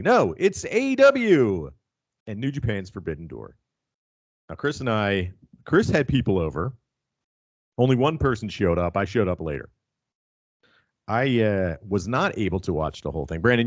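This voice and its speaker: On a laid-back wrestling podcast, the male host spins profane, laugh-filled stories in a lowish voice. The recording is muffled and carries no room sound.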